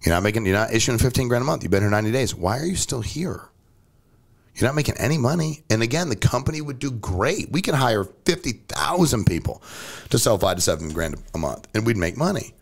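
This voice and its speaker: Blunt, animated man talking business. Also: fairly quick, gravelly. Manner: blunt, animated, jumps pitch for emphasis. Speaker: company CEO, podcast guest. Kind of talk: casual storytelling chat.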